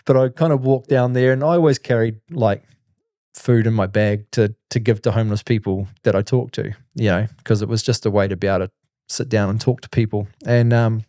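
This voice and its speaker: A New man in his own casual voice, spinning a long rambling story as a podcast host. His tone is mellow and soft-edged, and the sound is close and dry, with little room behind it. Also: fairly low pitch, fairly even intonation, brisk, no echo. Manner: rambling, full of "like" and "you know".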